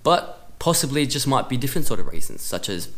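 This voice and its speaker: A man's voice: medium pitch, big pitch swings, quick pace, a bit bright, a little hiss or hum. A man hosting a soccer podcast, giving direct motivational advice and acting out short conversations with a coach. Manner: direct, coaching tone, acts out dialogue.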